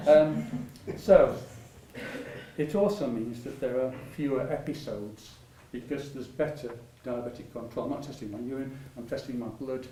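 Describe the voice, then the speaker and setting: An older man, a patient speaking at a public talk, uses a medium pitch and normal speed. He rambles through anecdotes with restarts and laughter, his voice reverberating in an echoey hall and picked up by a distant mic amid faint ambient noise.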